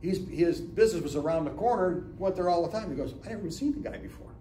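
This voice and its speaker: A man in his seventies from Northeast Ohio tells stories at a business talk, acting out the people in them and checking in with "right?". His voice sits a bit high for a man. The mic picks him up from across an echoey room with a faint hiss. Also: expressive, fast, mellow, distant mic. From Northeast Ohio, USA. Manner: chatty storyteller, acts out dialogue, keeps asking "right?". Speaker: guest speaker at a business lunch talk.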